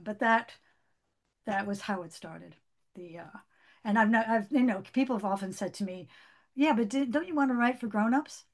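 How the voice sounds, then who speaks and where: An older woman, a guest in an interview, recounts her career in a halting, conversational way full of restarts and fillers. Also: mid-range voice. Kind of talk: conversational storytelling.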